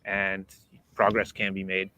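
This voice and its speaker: A man speaking as a community organizer on a video call, making steady, earnest announcements. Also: deep voice, unhurried, lo-fi sound.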